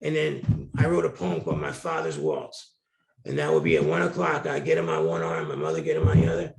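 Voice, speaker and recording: A middle-aged New Jersey man, appearing as a guest in a storytelling interview, tells candid, colorful stories. His voice is a rumbling low, brisk and creaky, with a slightly mellow quality. The recording has a roomy echo.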